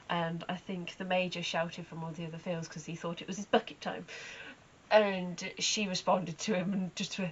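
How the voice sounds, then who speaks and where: A woman giving a casual vlog update about her horses, telling stories in a chatty, animated way. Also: on the low side, muffled recording, a little hiss or hum. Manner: chatty, animated storytelling with acted asides. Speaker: horse owner vlogger.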